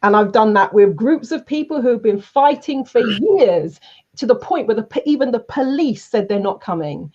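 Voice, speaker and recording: A woman with a fairly high voice tells her story with energy, acting out the voices of the people in it. The recording is dull and lo-fi and has a muffled top end. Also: moderate pace. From South London, England. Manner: lively, acts out quoted voices. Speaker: guest speaker and trainer. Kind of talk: animated storytelling in an interview.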